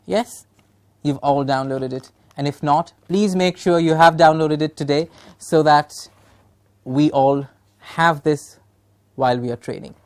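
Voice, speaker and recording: A woman's voice: sits low, a little mellow. A woman from Punjab, giving a training workshop lecture to teachers, emphatic and full of rhetorical questions. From Punjab, India. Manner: emphatic, asks rhetorical questions and checks in with "Yes?".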